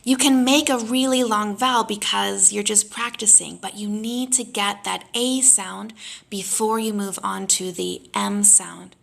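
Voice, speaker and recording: A woman teaching pronunciation, patiently modelling drawn-out vowel sounds for learners to repeat. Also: medium pitch, fairly even intonation, gravelly, fairly bright tone. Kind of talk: slow instructional lesson.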